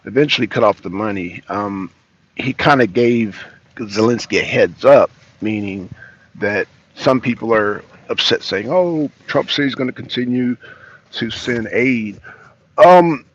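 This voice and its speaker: A political talk show host delivers casual solo vlog commentary from home, his car, and his garage. His voice is fairly low, husky, and lo-fi, and he speaks at a measured pace while rambling in a loose, slangy way with lots of fillers.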